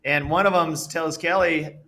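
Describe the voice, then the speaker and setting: Speaking with a slightly high voice at a moderate pace, a business founder appears as a podcast guest in a relaxed conversation, spinning stories with lively enthusiasm. A little background noise can be heard.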